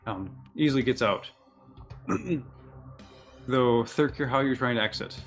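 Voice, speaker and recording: A man narrating as game master of a tabletop game, halting and restarting often. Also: mid-range voice, a bit bright, soft background music.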